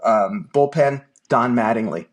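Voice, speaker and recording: An older man spins a long story as a podcast guest, bringing each character to life as he quotes them. He talks in a plain, mid-pitched voice and builds the tale with relish. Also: measured pace. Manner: lively anecdotal storyteller, acts out dialogue. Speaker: guest, film producer. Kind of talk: animated storytelling.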